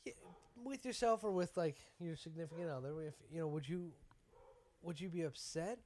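A man's voice: fairly high pitch, moderate pace, darkish tone, slight background noise. A man from the United States, a comedian, in casual joking chat with loose, profane talk.

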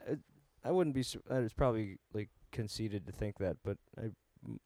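A man's voice: on the low side, lively intonation, a little fast, mellow, no room sound. A man in casual chat, playful and teasing, laughing often.

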